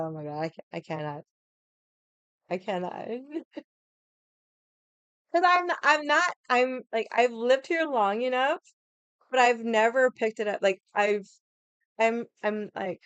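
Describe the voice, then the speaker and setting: A woman's voice: medium pitch, clear, resonant tone, no echo. Chatty woman telling stories, dry sound. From Hawaii. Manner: chatty, laughing, quick asides, swearing; irritated, stubborn storyteller. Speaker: vlogger. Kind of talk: casual storytelling chat.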